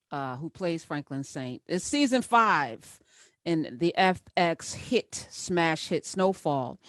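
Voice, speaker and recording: A woman's voice: fairly low pitch, no echo, clean studio sound. A woman hosting an interview, chatty and enthusiastic. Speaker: radio show host.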